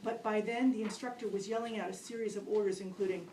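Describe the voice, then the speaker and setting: A woman reading her own story aloud at a poetry event, wry and self-mocking, with lively asides. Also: mid-range voice, fast, a little hiss or hum. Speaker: poet reading her work. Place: gallery reading room. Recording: roomy, distant live-event recording.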